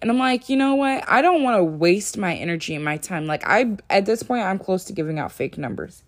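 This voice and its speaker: A woman's voice: on the low side, lively intonation, fairly quick. A young woman vlogging to her viewers in a casual, rambling way, full of fillers, sleepy and yawning. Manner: chatty, rambling, lots of "like" fillers. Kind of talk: casual talk to camera.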